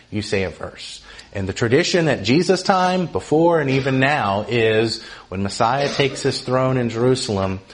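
A man preaching a teaching sermon to his congregation. He reads quotations aloud, explains the words and asks the listeners questions. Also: on the low side. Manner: animated, lively, reads quotes in a raised voice, asks the congregation questions. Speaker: pastor.

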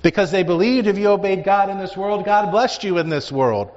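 A man's voice: sits high, brisk, darkish tone. A man teaching a Bible class, explaining emphatically and asking rhetorical questions. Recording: dull recording with hall reverb.

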